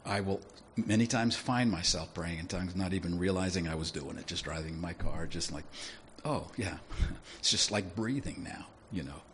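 A man preaching a sermon in a lively, conversational way, often asking his listeners questions. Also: deep voice, moderate pace, a little hiss or hum. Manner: animated, conversational, asks the audience questions.

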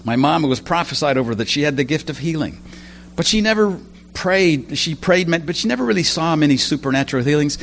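Delivering his sermon like a conversation, this male preacher drifts into asides and personal stories. He sounds animated and brisk, slightly bright with some vocal fry, and his pitch swings freely over a faint background hum.

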